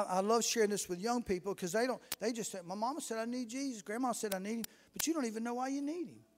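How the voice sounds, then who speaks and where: A man preaching a sermon, telling stories and rising to fervent shouts. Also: high voice, a little hiss or hum. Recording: long reverb in a hall.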